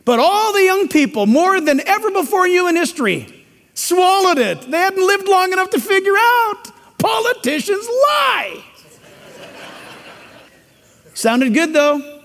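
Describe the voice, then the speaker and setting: Preacher guy giving a sermon in a church, really high voice, punchy and jokey, big echoey hall. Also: very animated, normal speed, fairly bright tone. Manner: emphatic, joking asides, preachy. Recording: long hall reverb.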